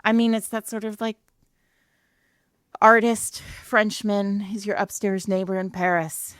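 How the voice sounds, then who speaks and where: A woman co-hosting a book podcast, excitedly retelling a romance novel in casual chat with lots of filler words. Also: mid-range voice, measured pace, clean tone, no echo, studio quality. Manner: animated storytelling, many filler likes. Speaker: podcast co-host.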